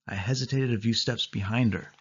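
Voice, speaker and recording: A man reading a children's storybook aloud in steady first-person narration. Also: mid-range voice, brisk, husky. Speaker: audiobook reader. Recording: dull lo-fi audio.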